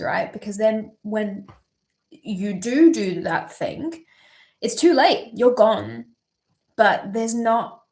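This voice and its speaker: A young woman chatting on a livestream with a teary, wavering voice. Her pitch sits in the middle of the female range. She talks openly and swears freely, with frequent ums between thoughts. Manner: candid, swears heavily, many ums. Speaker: singer-songwriter streaming live. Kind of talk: emotional livestream chat.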